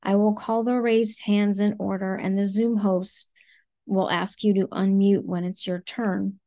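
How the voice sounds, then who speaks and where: A woman's voice: medium pitch, little pitch movement, measured pace, mellow, no echo. A woman chairing a support meeting over a video call, politely reading out the guidelines. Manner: orderly, polite.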